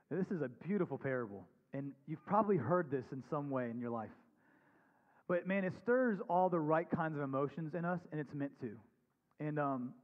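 A man preaching a sermon as pastor, reading scripture aloud and then explaining it in an earnest, conversational way. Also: a little high. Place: church sanctuary. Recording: dull recording with long hall reverb.

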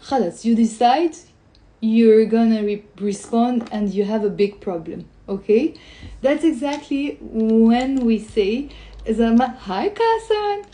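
A woman with a fairly high, mellow voice teaches Lebanese Arabic in a live stream. She chats casually, laughs often and repeats phrases slowly for her viewers. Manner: chatty, greets viewers mid-explanation, laughs often. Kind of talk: live-streamed language lesson.

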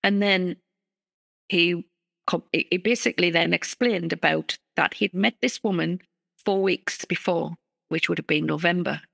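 A middle-aged woman tells her own story in an interview, her voice slipping into a gravelly fry. She speaks earnestly and haltingly, often restarting her sentences. The sound is close and dry, with no room around it. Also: on the low side, a bit bright, no room sound. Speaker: interview guest. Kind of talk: personal story in a podcast interview.

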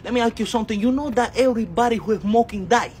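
A man's voice: extremely high pitch, racing, darkish tone, slight background noise, rough recording. A man, a comedian teasing a friend in broken English in a skit.

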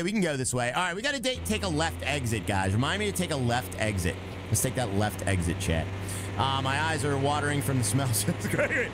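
A man's voice: a little high, background noise. A young man streaming a game live, chatting casually, laughing often and reading out messages from his chat, with music playing behind him.

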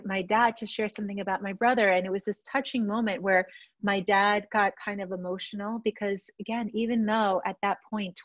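A woman's voice: mid-range voice, fairly bright tone, no room sound. Candid woman with a dry, muffled sound. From Russian-speaking family. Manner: candid, emotional, frequent restarts. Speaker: positive psychology teacher. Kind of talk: personal teaching talk to a group.

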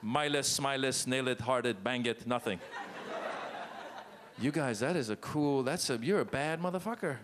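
A man's voice: medium pitch, moderate pace, crowd noise. Iranian-born man doing stand-up. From Iran. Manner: animated, jumps into loud put-on voices and mock accents. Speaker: stand-up comedian. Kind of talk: stand-up set with crowd work. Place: comedy club stage.

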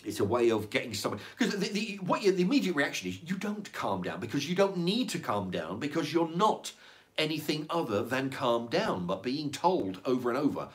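A man's voice: medium pitch, big pitch swings, moderate pace. Older guy rambling on a stream, voice jumps up and down a lot, swears. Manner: rambling, swears, repeats words. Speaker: livestream host reading chat. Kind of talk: casual chat.

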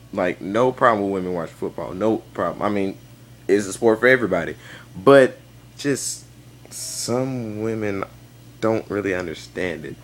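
Animated young man ranting to camera. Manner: exasperated, jumps into high squeaky outbursts. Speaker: vlogger. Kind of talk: casual video response rant.

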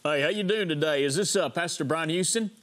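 A man's voice: fairly high pitch, brisk, a bit bright, a little hiss or hum, lightly acted. A man voicing an over-friendly Texan pastor in a put-on Southern accent, rambling and stammering on a prank call. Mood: smooth-talking. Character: folksy male Texan megachurch pastor. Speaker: prank caller.

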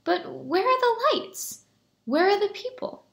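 A woman's voice: very high voice, very animated, unhurried, gravelly, pitched above the performer's own voice, full character voice. A woman voicing a ragged, hungry little male beggar who turns out wily, pleading and scheming in a storybook. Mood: puzzled.

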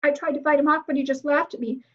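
A woman's voice: high-pitched, flat delivery, fast, fairly bright tone, voice pushed up. A woman reading aloud, voicing a pudgy little man who lives in a magic mirror, groaning and complaining. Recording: slightly muffled lo-fi recording.

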